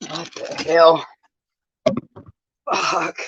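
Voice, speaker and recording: A woman in pain chats with her viewers as she moves about, her voice bright and cutting. She swears freely and groans often, and her speech comes slow and drawn out. The sound is dry and close. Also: on the low side, dry recording, lo-fi sound. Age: older. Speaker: vlogger. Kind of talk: casual live-stream chat.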